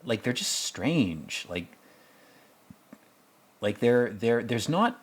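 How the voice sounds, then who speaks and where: A man's voice: medium pitch, sing-song, extremely slow, slightly rough. A man hosting a podcast, giving casual, rambling, blunt movie commentary with plenty of fillers and swearing. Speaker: podcast host.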